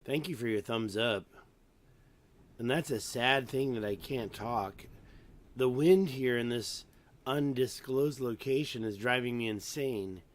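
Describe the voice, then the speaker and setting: Hoarse man, rambling over maps. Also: medium pitch, no room sound. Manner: rambling, exclamatory, full of rhetorical questions. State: hoarse, losing his voice. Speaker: video host. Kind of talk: casual commentary over maps.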